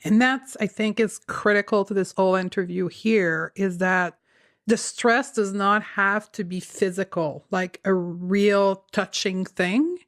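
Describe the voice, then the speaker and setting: A woman's voice: mid-range voice, steady tone, unhurried, no room sound, studio quality. A woman with a French accent hosting a podcast interview, asking questions and emphatically reinforcing her guest's points. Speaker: podcast host.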